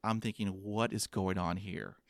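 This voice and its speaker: A man's voice: on the low side, normal speed, no echo. Man with a stutter telling a story. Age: adult with a master's degree. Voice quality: stutter with blocks and repetitions. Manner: animated, self-mocking, acts out quotes. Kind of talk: personal storytelling talk.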